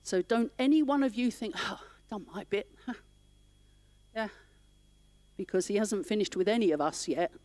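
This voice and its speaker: A woman's voice: mid-range voice, animated, moderate pace, long pauses, dark tone, dry recording. A middle-aged woman minister telling her personal story in church, emotional and conversational.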